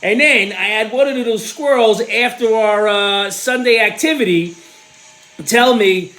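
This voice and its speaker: Very high, bright-voiced ranting man. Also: unhurried, soft background music. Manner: sarcastic, exasperated, bursts into shouting. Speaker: host. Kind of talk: ranting political commentary.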